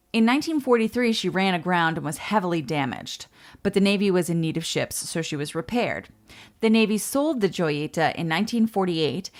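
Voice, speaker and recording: Woman host telling a history tale, slightly low voice, chatty asides. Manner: lively narration with asides and laughs. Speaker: podcast co-host. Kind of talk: casual storytelling of history.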